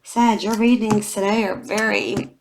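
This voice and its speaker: A woman's voice: medium pitch, steady tone, measured pace, creaky, heavy background noise. Emotional woman in her forties, confiding. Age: 40s. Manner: heartfelt, confiding, with many fillers. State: emotional, near tears. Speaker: tarot reader. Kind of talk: emotional tarot reading vlog.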